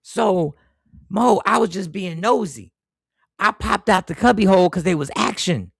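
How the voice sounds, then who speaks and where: A man's voice: high-pitched, normal speed, vocal fry, slightly rough, no echo, clean studio sound. A man hosting a podcast, telling a work story in casual, profane chat and acting out the people he quotes. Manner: profane, animated storyteller, acts out quoted voices. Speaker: podcast host.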